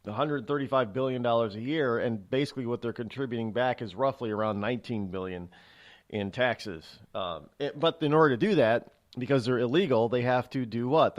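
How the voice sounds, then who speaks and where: A man hosting a talk radio show, telling a story in a rambling, amused way with many restarts. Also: medium pitch. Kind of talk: casual radio monologue.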